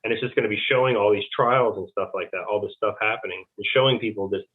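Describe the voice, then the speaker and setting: A man's voice: lowish voice, fairly even intonation, quick pace. Rambling man on a tinny phone line. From United States. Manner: rambling, fills speech with "like" and restarts. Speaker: podcast guest, Navy veteran. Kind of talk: rambling storytelling in conversation.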